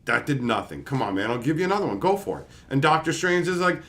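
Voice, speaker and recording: A man hosting his own channel, casually retelling a comic story in a rambling, profane, animated way. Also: on the high side, fast. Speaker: channel host.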